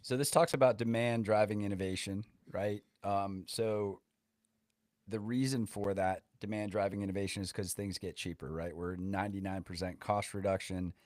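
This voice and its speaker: Easygoing man co-hosting a podcast, lowish voice, loose chatty delivery, dry sound. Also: steady tone, normal speed, a little mellow, dry recording. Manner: loose, conversational, many fillers like "you know" and "kinda". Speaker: podcast co-host. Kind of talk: casual chat.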